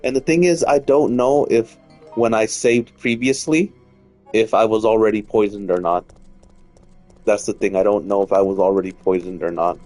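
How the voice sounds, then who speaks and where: A man's voice: on the low side, fairly even intonation, moderate pace, darkish tone, soft background music. A man giving casual let's-play commentary as he plays, rambling, repeating himself and swearing freely. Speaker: gaming streamer.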